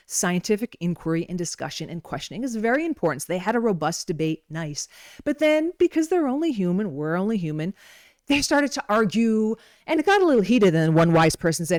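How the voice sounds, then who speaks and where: A woman with a medium-pitched, slightly mellow voice gives a casual, chatty wellness talk, playfully drifting into stories and asides. She uses a modest home microphone, yet the sound is clean, studio-like, and free of echo.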